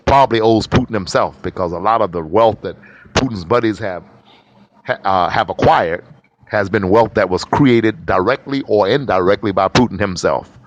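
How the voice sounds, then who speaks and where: Deep-voiced man, emphatic podcast host. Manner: emphatic, repeats phrases for stress; spells out words slowly. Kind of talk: political commentary podcast. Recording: dull lo-fi podcast audio with faint noise.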